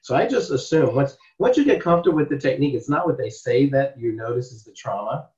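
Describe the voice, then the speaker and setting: A man's voice: mid-range voice, animated, fast, darkish tone. Man, therapy teacher, conversational, plays out client dialogue, dull lo-fi recording, echoey room. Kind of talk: teaching a class. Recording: roomy, dull lo-fi sound.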